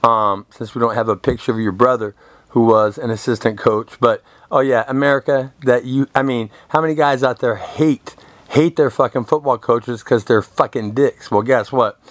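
A man's voice: mid-range voice, steady tone, moderate pace, a bit bright, no room sound. A young man telling crude, boastful stories in a rambling, confrontational rant full of swearing. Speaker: vlogger. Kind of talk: profane rambling monologue to camera.

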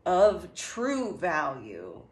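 A woman giving a channeled tarot reading in a slow, earnest way, meandering with many fillers and restarts. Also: fairly low pitch, wildly swooping pitch, darkish tone. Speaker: tarot reader. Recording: echoey room with faint ambience.

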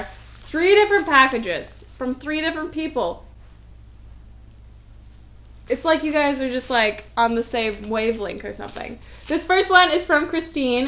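A young woman vlogging as she opens fan mail, bubbly and gushing, full of excited little asides. Her voice sits a bit high for a woman. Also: slight background noise. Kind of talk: casual mail-opening vlog.

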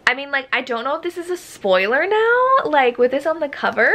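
A young woman chatting in a casual reading vlog, excitable and anxious, close to tears. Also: high-pitched, a little fast, hardly any pauses. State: teary, close to crying. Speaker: book vlogger.

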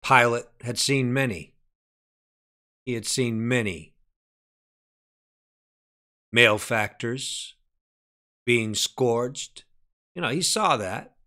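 Man preaching a sermon, fervent, hushed lines then shouted peaks, slow delivery, bright tone. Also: medium pitch. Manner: calls out "Amen?" to the congregation.

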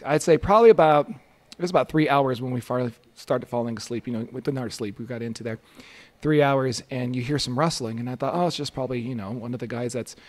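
A man telling a story as a podcast guest in a casual, excitable way. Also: medium pitch, fast talker.

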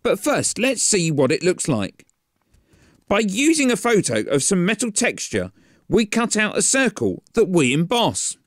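Lively man narrating a film tutorial. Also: sits high, a little slow, dry recording, studio quality. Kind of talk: scripted narration.

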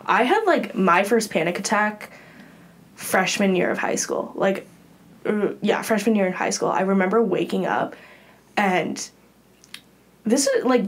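Young woman, podcast guest, candid personal storytelling, earnest, frequent fillers, middle pitch. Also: animated, a little slow, long pauses. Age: young adult. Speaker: guest, college gymnast.

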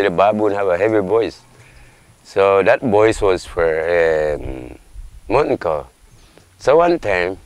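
Deep-voiced man from Nicaragua's coast. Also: smooth. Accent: Nicaraguan Caribbean coast English. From Caribbean coast of Nicaragua. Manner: unhurried, simple phrasing, with pauses. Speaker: community leader telling a legend. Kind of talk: oral folk storytelling.

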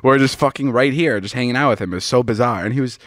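Excitable man telling a story. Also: medium pitch, fast talker, no echo, clean studio sound. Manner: animated, swears often, laughs mid-story. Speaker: podcast host. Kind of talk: casual storytelling.

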